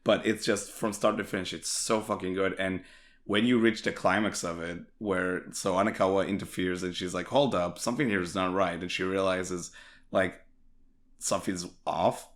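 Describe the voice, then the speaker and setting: A man's voice: deep voice, level tone, moderate pace, a bit bright. A man co-hosting a podcast, chatting enthusiastically and casually, swearing and using lots of filler words. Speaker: podcast co-host. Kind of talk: casual anime discussion.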